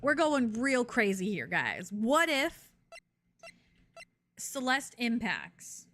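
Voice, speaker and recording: A woman's voice: fairly high pitch, sing-song, slow, fairly bright tone, slight background noise. A woman commenting on a game she plays, chatty and playful as she speculates aloud. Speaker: game streamer. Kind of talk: let's-play commentary.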